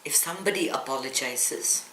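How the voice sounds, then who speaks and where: A woman's voice: deep voice, moderate pace, a bit bright, slight background noise. A woman meditation teacher giving a spiritual talk to a live audience, earnest and explaining, often asking rhetorical questions. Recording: echoey room with faint ambience.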